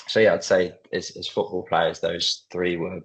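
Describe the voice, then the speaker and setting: A man in his thirties, a footballer and club captain, chatting casually in a podcast interview, relaxed, with lots of fillers. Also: deep voice, normal speed, husky, low-quality recording. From England.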